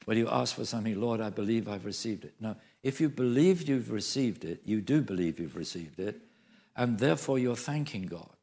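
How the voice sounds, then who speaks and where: A man's voice: fairly low pitch, expressive, moderate pace, darkish tone. A man preaching a sermon, emphatic, repeating phrases for stress and asking the congregation questions.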